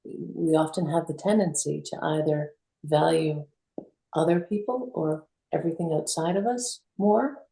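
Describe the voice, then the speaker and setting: Female co-host, low gravelly voice, mellow tone, roomy sound, lively storyteller. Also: unhurried. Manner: animated storytelling, acts out quotes. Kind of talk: reflective conversational talk. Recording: roomy echo.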